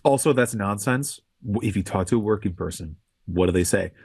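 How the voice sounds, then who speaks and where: A man's voice: fairly low pitch, fairly quick, a little mellow, breathy edge, dry recording. A man co-hosting a podcast, talking bluntly and emphatically, often repeating his points. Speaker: podcast co-host. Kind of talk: casual podcast commentary.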